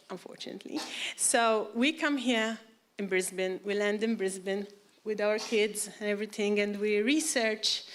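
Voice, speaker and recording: A woman from Malta, giving a personal testimony in church, telling her story in a lively way and acting out the voices she quotes. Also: mid-range voice, slight background noise.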